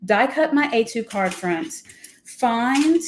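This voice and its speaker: A woman's voice: fairly high pitch, animated, slow, a little hiss or hum. Chatty woman demoing craft products. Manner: chatty, candid, lots of asides and "okay?" check-ins. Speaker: craft company owner presenting new products. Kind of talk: casual product demo.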